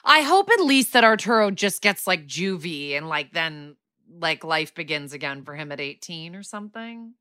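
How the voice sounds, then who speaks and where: A woman co-host chats easily, peppering her talk with "like", her tone bright and sharp-edged. The sound is dry and close to the mic. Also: fairly low pitch, normal speed, smooth, no echo. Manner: relaxed, filler-heavy reactions. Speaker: podcast co-host. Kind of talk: casual chat.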